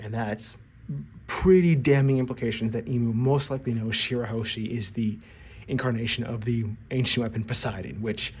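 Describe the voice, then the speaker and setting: A man's voice: mid-range voice, darkish tone, husky. A man giving casual video commentary on an anime, rambling and restarting his words as he acts out quotes.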